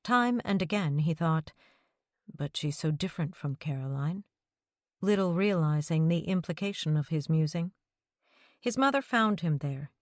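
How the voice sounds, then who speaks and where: A woman reading an audiobook in measured scripted narration. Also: low-pitched, no room sound, clean studio sound.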